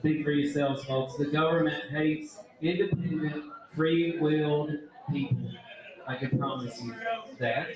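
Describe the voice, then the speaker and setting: A man with a New York accent works a crowd as a debate moderator. His voice sits a little high, and he jokes and drives the audience along. He is heard from some distance, with heavy room echo and a lively crowd behind him. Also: measured pace. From New York City. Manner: joking, loud crowd-working. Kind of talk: live event hosting with audience. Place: brewery event space with live audience. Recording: echoey room, mic far off, crowd.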